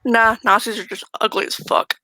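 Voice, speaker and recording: A woman's voice: fairly high pitch, fairly even intonation, brisk, background noise. A woman playing a tabletop role-playing game, speaking bluntly with frequent swearing. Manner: blunt and profane. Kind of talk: casual tabletop role-play chat.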